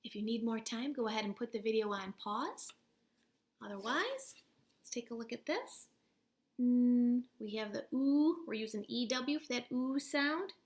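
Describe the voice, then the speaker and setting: A woman's voice: on the high side, expressive, a little slow. A woman teaching a recorded spelling lesson to third graders at home, patient and encouraging as she breaks words into sounds.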